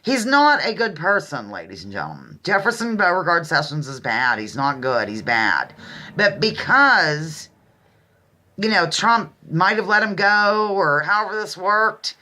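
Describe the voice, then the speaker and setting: A woman vlogger delivering a sarcastic, exasperated political rant straight to her viewers, repeatedly addressing them as ladies and gentlemen. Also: fairly low pitch, sing-song, measured pace.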